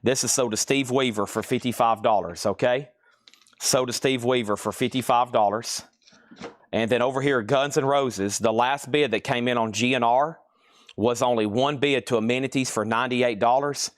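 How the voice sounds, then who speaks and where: A man hosts a live sales stream, rattling off record prices and sold items in a brisk, repetitive auctioneer style. His voice sits at an ordinary middle pitch. The sound is close and dry, with no room around it. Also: no room sound. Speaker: host of a live record sale.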